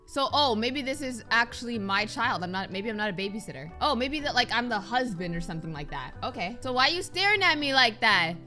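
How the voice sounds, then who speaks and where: A young woman gives casual let's-play commentary with a bright, ringing voice pitched a little high. She is jokey and animated and easily startled, and faint music plays under her. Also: fairly quick, hardly any pauses. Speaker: gaming YouTuber.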